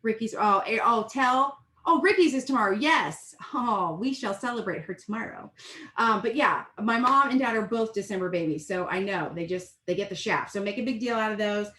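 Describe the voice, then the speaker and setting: A woman's voice: mid-range voice, normal speed, pushed and bright, roomy sound. A woman giving a rambling, chatty and encouraging talk as a sales team leader. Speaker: network marketing team leader. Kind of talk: casual live video pep talk.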